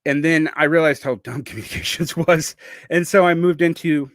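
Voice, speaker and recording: A man's voice: on the high side, normal speed, no room sound. A man of about forty, from the Southern United States, with a faint Southern accent and a speech impediment that blurs his r, l and w sounds, talking in a rambling, digressive vlog monologue full of restarts. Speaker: vlogger. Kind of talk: casual monologue.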